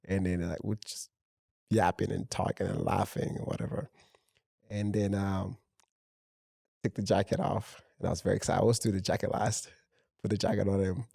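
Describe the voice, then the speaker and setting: A man, a fashion house founder, telling a lively anecdote in a casual interview. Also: sits low, moderate pace, gravelly, pauses often, breathy edge, no room sound, clean studio sound. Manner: animated anecdote telling with fillers. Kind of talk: casual storytelling chat.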